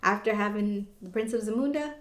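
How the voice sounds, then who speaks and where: A woman's voice: mid-range voice, a little fast. Playful woman joking in an echoey room. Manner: playful, joking, laughs often. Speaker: podcast co-host, wife. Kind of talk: casual chat.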